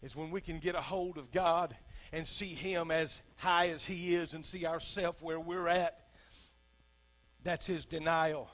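Impassioned high-voiced preacher, lo-fi hum. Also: male voice, fairly even intonation, unhurried. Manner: impassioned preaching, swings from hushed to shouting. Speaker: pastor. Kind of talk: sermon.

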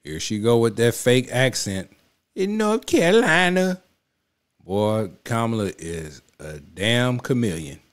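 A man's voice: on the low side, measured pace, hardly any pauses. A man hosting a reaction video, talking in an emphatic, repetitive, casual way and often checking in with his listeners. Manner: emphatic, repeats himself, keeps saying "you know what I'm saying". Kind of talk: casual spoken commentary.

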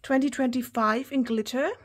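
A woman chatting through an unboxing of planner stationery, gushing with excitement and often dropping to a whisper. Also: high-pitched, normal speed. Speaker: planner vlogger. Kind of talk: casual haul unboxing.

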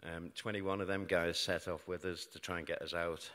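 A man's voice: low voice, steady tone, normal speed, a bit bright. A middle-aged British man telling a true story to a live audience with wry, self-mocking humour about grim events. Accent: British English. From Britain. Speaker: storyteller on stage. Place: large hall before an audience. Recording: live hall with long reverb.

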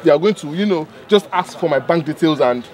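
A man's voice: on the high side, animated, brisk, a little mellow. A Nigerian man, a content creator, giving casual motivational advice and repeating his points for emphasis.

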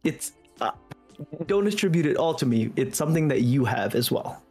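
Laid-back man with a husky voice. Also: mid-range voice, expressive, normal speed, darkish tone, faint music behind. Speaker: host. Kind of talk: casual chat.

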